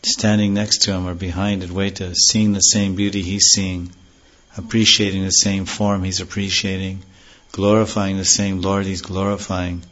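A man giving a devotional scripture lecture, slowly chanting verses and then explaining them earnestly, on a dull lo-fi recording. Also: sits low, fairly bright tone. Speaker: spiritual teacher.

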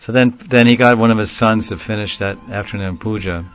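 A man telling a long story in a casual, rambling way, often laughing and getting animated when he quotes people. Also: fairly low pitch, fairly quick, muffled recording. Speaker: speaker recounting a story in a class. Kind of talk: informal storytelling talk.

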